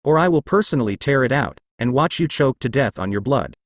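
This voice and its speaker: A man's voice: mid-range voice, expressive, a little fast, dry recording, lightly acted. A man voicing an exhausted young nun who answers with curt defiance. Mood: hostile.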